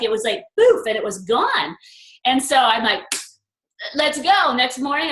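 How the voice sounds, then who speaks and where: An older woman speaks on a video call, her voice sitting a little high. She tells her story with animation and acts out the voices in her head. The room around her gives back a clear echo. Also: fairly bright tone. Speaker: group leader.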